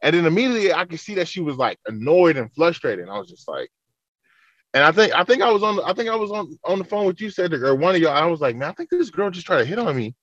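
A man's voice: on the high side, sing-song, fast, fairly bright tone, no echo, dull audio. A man in a casual podcast chat who swears freely and tells stories, acting out what people said. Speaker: podcast guest.

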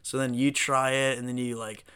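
A man hosting a solo podcast, talking in a rambling, profane, excitable way. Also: medium pitch, normal speed, smooth. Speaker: podcast host.

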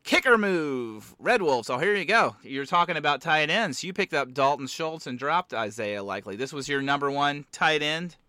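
A man's voice: a little high, lively intonation, moderate pace, few pauses, bright, forceful tone, clear, resonant tone, dry recording. A man hosting a casual sports chat, joking and wry as he rambles through the weekly moves. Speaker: podcast host. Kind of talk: casual fantasy football chat.

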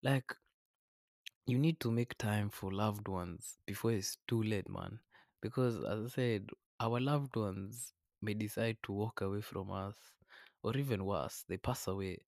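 A low, gravelly man hosts a reflective podcast monologue. He speaks earnestly and a bit preachily, calling his listener man and brother. The sound is close and dry, with no room around it. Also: measured pace, a little mellow, no echo. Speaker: podcast host. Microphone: podcast microphone.

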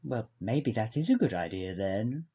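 A man playing a prim, posh British gentleman at a record label who speaks with stiff, plummy politeness. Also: lowish voice, big pitch swings, normal speed, husky, voice pushed down, exaggerated voice. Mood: prim, baffled.

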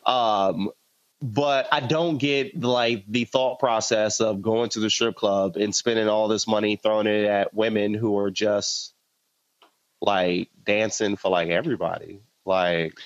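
A man co-hosting a podcast in casual, hesitant banter full of pauses. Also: on the low side, fairly even intonation, dry recording. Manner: laid-back, hesitant, full of ums. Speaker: podcast co-host. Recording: dry, slightly dull podcast audio.

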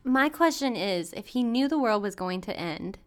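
A woman's voice: medium pitch, animated, moderate pace, clear, resonant tone. A woman co-hosting a podcast in casual chat, playful and teasing as she asks questions. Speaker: podcast co-host.

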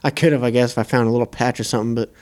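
A young man co-hosting a podcast tells a hunting story in a loose, easygoing way, swearing often. His voice is smooth and clear, in a middle pitch. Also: racing. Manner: relaxed, profane storytelling. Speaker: podcast co-host. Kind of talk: casual hunting story chat.

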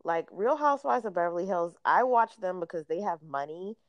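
A woman's voice: fairly low pitch, animated, fairly quick, dull audio, a crowd in the background. A young adult woman co-hosting a podcast, gossiping in a blunt, sassy way. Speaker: podcast co-host. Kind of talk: casual chat.

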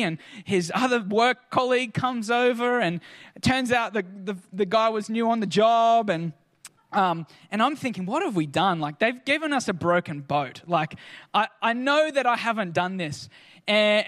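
High-voiced man telling a story. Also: a bit bright. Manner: chatty, lots of "like" and "kinda", acts out quotes. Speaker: speaker addressing an audience. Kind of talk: anecdotal storytelling to a crowd.

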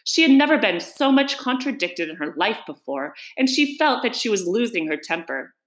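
A woman reads a children's storybook aloud, her pitch swinging in a lively, animated way. She narrates with an expressive storyteller's manner. The room around her is echoey. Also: moderate pace. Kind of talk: reading a children's book aloud.

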